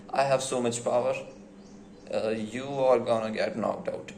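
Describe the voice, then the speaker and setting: A young man talks through a fight interview with loud enthusiasm, swearing freely and laughing as he retells the best lines. His mid-pitched voice sits in an echoey room. A faint hum of ambient noise runs underneath. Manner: excited, swearing, laughs often, retells quotes with relish. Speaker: commentator recapping an interview. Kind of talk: casual reaction commentary.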